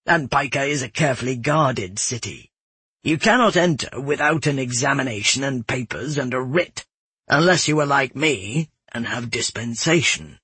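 A man voicing a calm, wise old male roadmaster in an audiobook, speaking slowly and softly. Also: medium pitch, slightly rough, no room sound. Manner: slow, soft-spoken. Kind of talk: audiobook narration.

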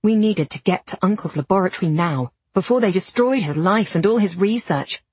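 A woman narrating an audiobook in first person, with steady storytelling and period diction. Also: medium pitch, a little fast, few pauses, slightly rough, no room sound.

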